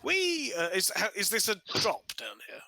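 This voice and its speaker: A man's voice: high-pitched, big pitch swings, a little fast, vocal fry, pushed and bright, rough recording. A man playing a tabletop game, chatting casually in a playful, jokey way. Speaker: player.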